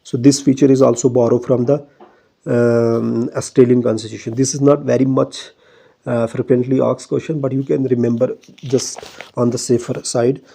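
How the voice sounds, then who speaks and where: A man with an Indian English accent teaching an exam-prep lesson, pausing often and checking in with "right?". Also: mid-range voice, level tone, vocal fry, mellow. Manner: hesitant, many fillers and restarts, repeats "right?".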